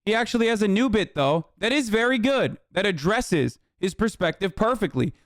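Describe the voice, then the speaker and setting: Man, streamer rant, high-pitched, profane, dry close sound, keeps saying okay. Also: expressive, moderate pace, no echo. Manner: profane, repetitive "okay?" tags; escalates into yelling tirades. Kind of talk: ranting reaction stream.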